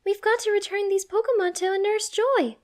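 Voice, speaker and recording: A frantic young heroine trapped in a boy's body, as a woman reading a fan story puts her on shouts in a very high, shrill voice. The calls are loud and urgent. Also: fairly even intonation, normal speed. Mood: urgent, shouting.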